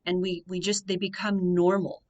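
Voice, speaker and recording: An American woman, a financial coach, tells a story on a radio show in a measured way, repeating key phrases for emphasis. Her voice is lowish and a little mellow, with a flat delivery.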